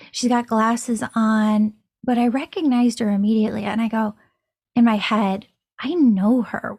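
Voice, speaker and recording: A woman in her thirties, a podcast host, telling a personal story in an animated, excitable way. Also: on the high side, dry recording, clean studio sound. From Florida. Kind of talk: casual storytelling monologue.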